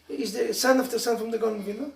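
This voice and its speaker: Animated rabbi preaching in an echoey room. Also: male voice, very high-pitched, fast, creaky. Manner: animated storytelling with laughs and sudden loud emphasis. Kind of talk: sermon to a live audience. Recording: echoey room, mic from far off.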